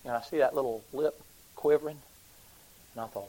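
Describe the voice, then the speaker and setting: A man preaching, telling a story in a sermon. He swings from hushed, low passages to loud, high, excited ones. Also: moderate pace, long pauses, slight background noise, rough recording.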